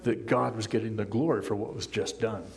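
An older man, a pastor, preaching a sermon from a church pulpit in a relaxed, conversational way, chuckling often and acting out the lines he quotes. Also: on the low side, a little fast, gravelly. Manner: acts out quoted lines in a raised voice.

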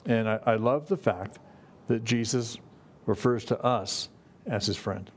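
A man's voice: fairly low pitch, unhurried. A middle-aged man preaching a sermon to a congregation in a conversational way, often restarting his phrases. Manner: conversational, with frequent restarts and "you know". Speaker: pastor.

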